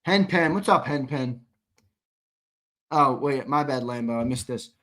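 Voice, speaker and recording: A man's voice: medium pitch, measured pace. A tired young man hosting a live postgame sports stream, reading chat comments and ribbing viewers in a blunt, casual way. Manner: blunt, ribbing chatters, swings from mumbling to loud outbursts. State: tired, yawning.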